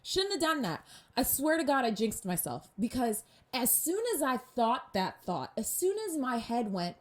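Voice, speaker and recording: A woman hosting a podcast, telling a personal story in a chatty, animated way and calling her listeners y'all. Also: fairly high pitch, a little slow. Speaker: podcast host.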